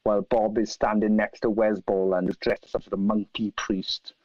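A man from South Wales with a Welsh accent, telling animated, profane anecdotes and acting out other people's lines. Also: on the low side, moderate pace, no echo. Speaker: guest musician. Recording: dry, slightly dull lo-fi sound.

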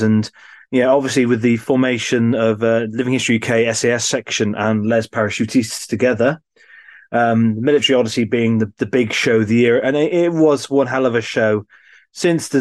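A man's voice: medium pitch, darkish tone, no room sound. Chatty man, dry close sound. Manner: chatty, rambling, with restarts and laughs. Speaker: podcast co-host. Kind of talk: casual chat.

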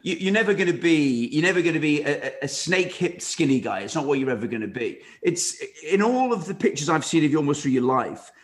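Lively male interviewer with restarts. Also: a little high, fast, hardly any pauses. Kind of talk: casual interview conversation.

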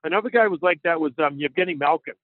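A man's voice: a little high, fast, no echo. A man co-hosting a casual sports podcast, chatting in a playful, rambling way. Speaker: podcast co-host. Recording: dry, tinny phone-like line.

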